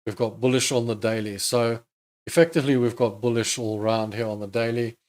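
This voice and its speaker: Give me a man with a medium-pitched voice casually talking viewers through market charts on a live stream. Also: steady tone, fairly quick, a little mellow. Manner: casual, thinks aloud over charts, chatty with viewers. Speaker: trading stream host.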